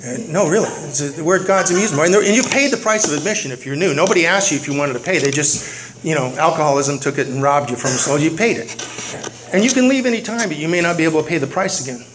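A man's voice: on the high side, animated, quick pace, background noise. A man speaking at a recovery meeting, telling a humorous, self-deprecating story to the room.

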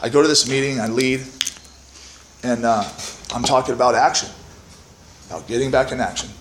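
A man's voice: medium pitch, fairly even intonation, normal speed. A man at a podium microphone shares his story with a recovery meeting in a frank, self-mocking way, with plenty of swearing. His voice sits in the middle range, and the room gives it a roomy echo with a faint hiss underneath. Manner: candid, self-mocking, profane, keeps asking "right?". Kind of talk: personal testimony to a meeting.

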